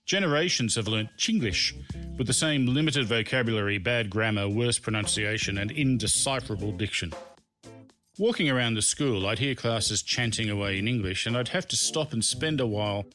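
A man's voice: lowish voice, expressive, normal speed, a bit bright. Wry man narrating a memoir. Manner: wry, dry self-mocking humour. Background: background music.

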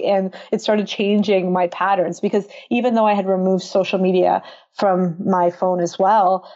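A woman's voice: mid-range voice, normal speed, muffled recording. A woman who is a marketing consultant, speaking as a podcast guest in casual conversation and acting out her own thoughts as she tells stories. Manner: animated storytelling, acts out her own thoughts.

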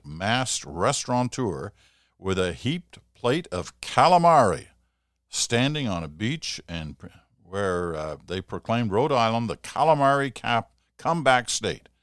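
A man's voice: mid-range voice, fairly bright tone, dry recording, studio quality. An older man hosting a solo podcast, chatting in a rambling way with self-deprecating asides. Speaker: podcast host. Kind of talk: casual solo podcast monologue.

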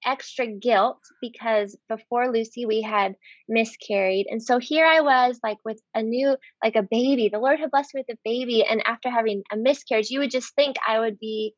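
A woman in her thirties talks about her faith as a podcast guest, earnest and heartfelt, with a slightly high voice. She fills her talk with "like" as she speaks. The recording is dull and lo-fi, with a dry sound and no room echo. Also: fairly even intonation, normal speed. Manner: earnest, heartfelt, many "like" fillers. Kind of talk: casual faith conversation.

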